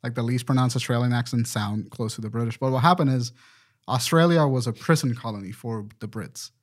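Rambling casual podcast host. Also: male voice, mid-range voice, a little fast. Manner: rambling, profane, self-correcting. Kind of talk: casual chat.

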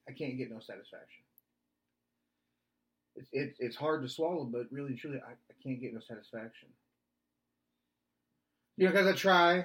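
A middle-aged man, a single dad and podcast co-host, answering questions in deadpan comic chat that slips into song lyrics and sometimes swells to shouts. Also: medium pitch.

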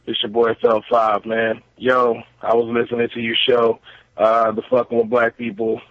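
A man leaving a voicemail for a podcast, slangy and excitable, laughing often. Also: mid-range voice, normal speed, dry recording. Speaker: caller. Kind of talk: voicemail message. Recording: dry, muffled voicemail recording.

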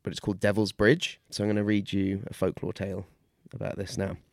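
A man's voice: lowish voice, monotone, brisk, a little mellow, no room sound. Male podcast co-host, easygoing storyteller, dry studio sound. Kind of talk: casual chat, reading a folk tale aloud.

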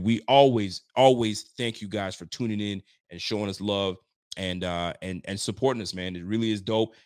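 A man hosting a live sports talk show, excitable and loud, often repeating himself as he talks. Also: lowish voice, no room sound, studio quality. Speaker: sports podcast host. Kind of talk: casual live show chat.

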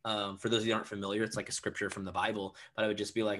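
A man in his thirties talking casually on a podcast, animated and full of filler words, acting out little quotes. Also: on the low side, rapid-fire, hardly any pauses, a little hiss or hum. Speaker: podcast guest.

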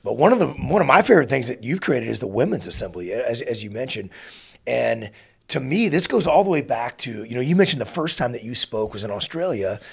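A middle-aged man hosting an interview podcast, talking in a relaxed, halting way with many restarts. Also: mid-range voice, gravelly, slightly rough. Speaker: podcast host. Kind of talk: conversational interview.

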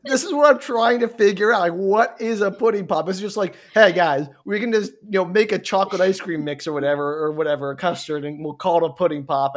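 A man co-hosting a podcast in casual chat, asking dry, puzzled questions. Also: on the high side. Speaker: podcast co-host.

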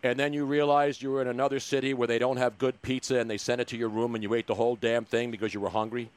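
A man's voice: medium pitch, little pitch movement, fast talker, clean tone, dry recording. A man hosting a podcast, asking chatty, rambling questions in a casual interview. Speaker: podcast host.

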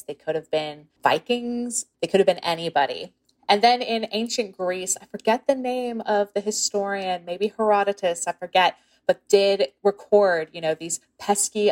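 A woman's voice: on the low side, a little mellow. A woman historian giving an informal, explanatory interview answer with hedging asides. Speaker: pirate historian.

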